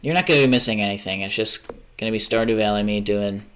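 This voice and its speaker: A man's voice: fairly low pitch, fast, fairly bright tone, smooth. A tired young man rambling and swearing casually while he plays a game on a livestream. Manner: rambling, chatty, swears often, trails off. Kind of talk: casual gaming stream chat.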